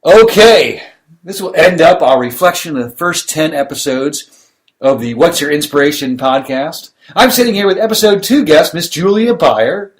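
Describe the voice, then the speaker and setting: A man hosts a casual podcast chat, his voice sitting a little higher than most men's. He tells stories loosely, stumbling over restarts and fillers as he goes. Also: lively intonation, normal speed. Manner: rambling storyteller with many restarts and fillers. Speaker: podcast host.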